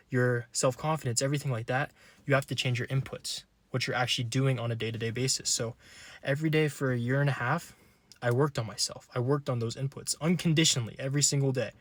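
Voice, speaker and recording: A young man speaks straight to the camera in an earnest, personal motivational monologue, his voice close and dry with no room around it. He talks at an ordinary middle pitch and leans on repetition, pushing harder as he urges the listener on. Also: no room sound. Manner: earnest, repetitive, building to urgent emphasis. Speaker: vlogger.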